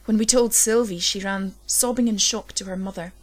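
A woman reading a dark first-person story aloud, low and intense, swelling at the tense moments. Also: fairly even intonation, normal speed. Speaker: narrator. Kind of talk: scripted horror story reading.

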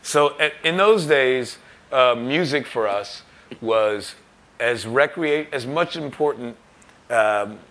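A musician telling a story in an interview, animated and laughing as he acts out other people's lines. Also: mid-range voice. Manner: animated storyteller, laughing, acting out quoted voices. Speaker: musician and record producer. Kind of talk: telling an anecdote.

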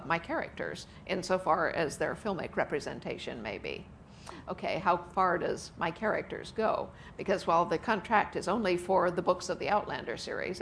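A woman's voice: on the low side, vocal fry, slight background noise. A woman author being interviewed on stage at a festival, talking chattily with frequent laughs and "uh" fillers. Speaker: author guest. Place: book festival event with audience.

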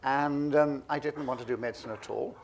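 A man in his eighties from England, a guest telling lively, self-mocking anecdotes in an interview. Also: mid-range voice, a little fast, a little hiss or hum. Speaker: guest, memoir author.

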